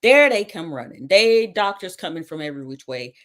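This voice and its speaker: A woman hosting a talk show recounts her own ordeal as a personal testimony, with a somewhat low voice. She tells it dramatically and acts out the lines people said to her. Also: very animated, fairly quick, fairly bright tone. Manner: dramatic retelling with quoted dialogue.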